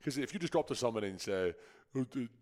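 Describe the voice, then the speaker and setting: A man's voice: mid-range voice, expressive, a little mellow. A man co-hosting a podcast, asking questions in casual, conversational chat. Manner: asks questions, quick and conversational. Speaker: podcast co-host.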